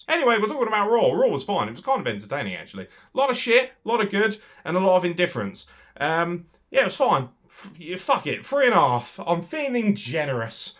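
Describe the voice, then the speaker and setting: Speaking in a lowish voice, the young man reviews wrestling on his own, sarcastic and sweary. His delivery lurches from loud outbursts to muttered asides.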